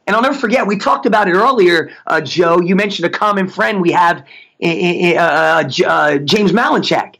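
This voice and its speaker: A man who is a motivational coach, speaking on a podcast about faith and declarations. He is emphatic and slows down to say affirmations, with some stumbles and restarts. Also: high voice, fairly bright tone.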